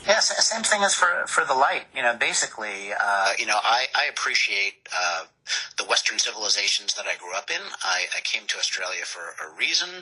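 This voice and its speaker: Hesitant husky-voiced man. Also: lowish voice, very animated, a little fast, bright, forceful tone, rough recording. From New York, United States. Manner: hesitant, many restarts and fillers. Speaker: guest. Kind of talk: casual conversation.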